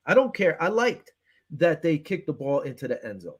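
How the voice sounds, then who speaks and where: A man's voice: on the high side, normal speed, husky. Fired-up man ranting about football. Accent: Western New York. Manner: animated, retells with quoted back-and-forth, frustrated ranting. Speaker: sports show host. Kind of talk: casual sports talk.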